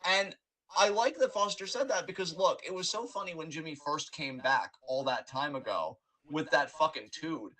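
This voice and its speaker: A man co-hosting a casual podcast chat over a call, lively and slipping into character voices as he talks. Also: a little high, moderate pace, poor audio. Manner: animated, acts out quotes in character voices. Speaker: podcast co-host. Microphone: remote call mic.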